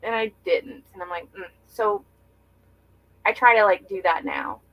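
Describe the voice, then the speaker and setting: As a podcast guest, a young woman speaks candidly and reflectively, earnest in tone and heavy on filler words. Her mid-range voice is unhurried and a bit bright, while the audio is poor.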